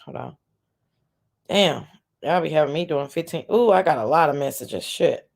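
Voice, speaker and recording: A woman's voice: deep voice, lively intonation, moderate pace, creaky, a little mellow. Sarcastic, profane woman host. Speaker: show host. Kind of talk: casual commentary chat.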